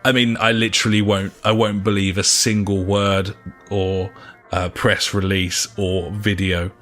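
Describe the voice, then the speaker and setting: A man with a lowish voice reads gaming news in a loose, sarcastic style, full of swearing and filler words. He talks into a home laptop microphone, with faint music under him. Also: flat delivery, measured pace, fairly bright tone. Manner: sweary, sarcastic, lots of ums and uhs. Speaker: podcast co-host reading gaming news. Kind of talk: casual news chat.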